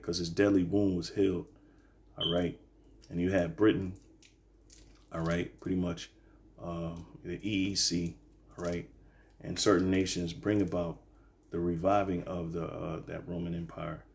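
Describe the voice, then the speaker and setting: A man teaching from the Bible in a casual, halting way, reading verses slowly and filling pauses with "all right" and "okay". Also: low voice, gravelly, a little mellow. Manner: reads verses slowly then explains. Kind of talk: informal scripture teaching.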